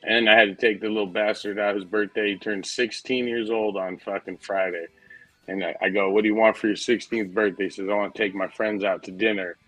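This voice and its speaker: Host, forties, low and dry, swears freely, says dude, loose storyteller. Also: male voice, fairly even intonation, a little fast, fairly bright tone, no room sound, faint music behind, poor audio. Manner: profane, rambling storyteller, says dude a lot. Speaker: podcast host. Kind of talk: casual chat.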